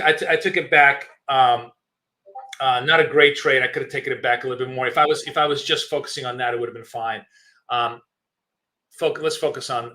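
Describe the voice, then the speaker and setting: A man's voice: medium pitch, sharp tone. A man hosting a live trading stream, thinking aloud with many fillers and restarts while chewing gum.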